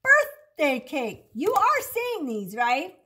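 Woman speech therapist for a kids' lesson; lively sing-song delivery, echoey room. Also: sits high. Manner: sing-song, drawn-out target words for children. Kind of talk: child-directed speech lesson. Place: at home with her dog nearby.

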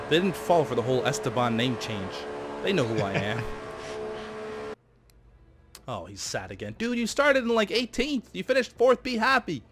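A man's voice: on the high side, sing-song, a little slow, pauses often, noisy background. A man hosting a casual racing-game commentary, joking and laughing with a co-host. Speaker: gaming channel host.

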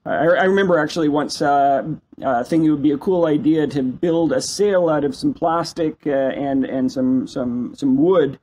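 Husky-voiced man in his fifties. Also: on the high side, moderate pace, few pauses, low-quality recording. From Canada. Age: 50s. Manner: self-deprecating, animated storytelling with laughs. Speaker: company CEO, guest. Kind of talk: casual interview conversation.

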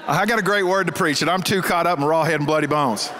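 A middle-aged man, preaching in a lively storytelling way and laughing as he tells it. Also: a little high, quick pace, big-room sound, background noise. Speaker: pastor. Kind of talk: storytelling sermon.

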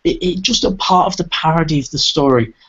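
A man's voice: a little high, a little fast, a bit bright, slightly rough. A man hosting a casual podcast review, talking with keen enthusiasm and rambling through frequent restarts. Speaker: podcast host reviewing audio dramas. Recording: dull lo-fi recording.

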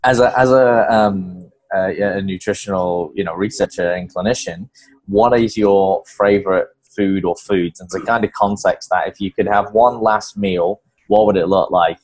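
A man's voice: deep voice, fairly even intonation, moderate pace, darkish tone. A man with an English accent hosting a podcast interview in an enthusiastic, rambling way with lots of fillers. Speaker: podcast host. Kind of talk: casual interview chat.

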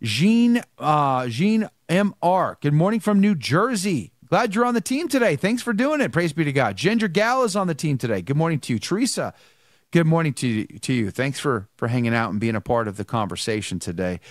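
A man's voice: fairly high pitch, big pitch swings, normal speed, no echo, studio quality. A man hosting a live show, greeting viewers by name and chatting with a priest guest. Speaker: host. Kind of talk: livestream greetings and chat.

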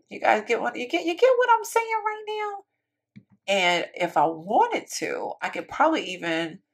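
A woman's voice: mid-range voice, creaky, slightly rough. A woman giving casual, chatty commentary while building in a life-sim game, thinking aloud and talking to her viewers. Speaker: Sims building YouTuber.

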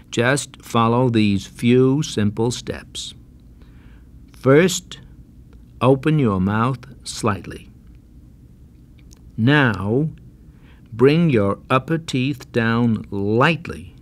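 A man giving slow, carefully enunciated pronunciation lessons, patiently repeating words for drill, on a 1970s language-course record. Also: medium pitch. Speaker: pronunciation teacher. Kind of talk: slow, deliberate instructional narration.

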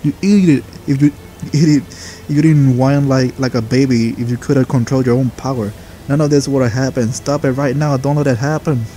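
A man's voice: medium pitch, steady tone, a little fast, mellow, a little hiss or hum, natural voice. A man voicing a harsh, scornful inner voice that snarls insults. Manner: snarling, contemptuous.

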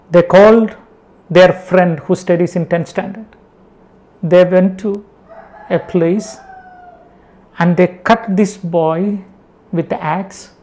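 A man's voice: high-pitched, darkish tone. A man, a Christian preacher giving a spoken sermon, emphatic and fond of short rhetorical questions and repeated phrases.

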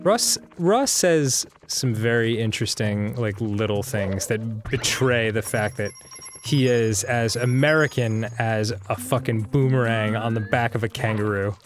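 A man's voice: on the low side, a little slow. A man co-hosting a casual video game playthrough, playful and teasing, laughing often. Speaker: co-host watching a video game. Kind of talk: casual let's-play chat.

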